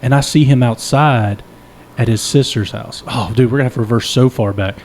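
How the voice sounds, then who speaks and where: Young man, mellow dark tone, casual podcast storytelling, profane, self-deprecating, faint background hiss. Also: medium pitch, fairly quick. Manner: animated, profane, rambling anecdote; self-deprecating, laughs often. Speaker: podcast co-host.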